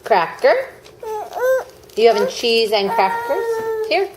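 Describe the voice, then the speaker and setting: A woman's voice: fairly high pitch, sing-song, takes it slowly, heavy background noise. A mother using baby talk with her toddler, coaxing and repeating questions in a singsong way.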